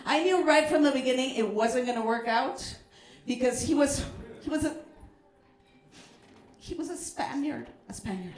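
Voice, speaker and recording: A Mexican American woman works a comedy club stage, her bright, high voice punching out jokes. She yells her punchlines and slips into Spanish. The sound bounces around a roomy, echoey venue. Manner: brash, shouting punchlines, mixes in Spanish. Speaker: stand-up comedian. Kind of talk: stand-up comedy set.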